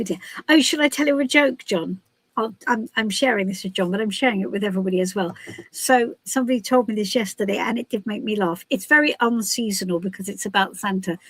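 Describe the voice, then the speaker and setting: Chatty British woman, breathy voice. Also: medium pitch, dry recording. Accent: British English. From Britain. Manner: chatty, giggly, rambling storyteller. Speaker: tarot reader hosting a live stream. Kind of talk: casual live-stream chat.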